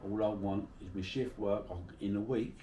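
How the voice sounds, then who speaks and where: A man's voice: on the low side, fairly even intonation, normal speed, warm tone, echoey room, recorded from a distance, slight background noise. A middle-aged man from Bermondsey with a South London accent, telling salty stories in a casual interview. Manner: chatty, salty, swears freely while telling anecdotes.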